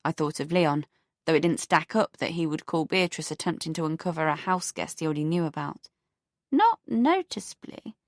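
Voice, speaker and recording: A woman narrating an audiobook in an expressive, measured storytelling manner on a close studio microphone. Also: low-pitched, no echo.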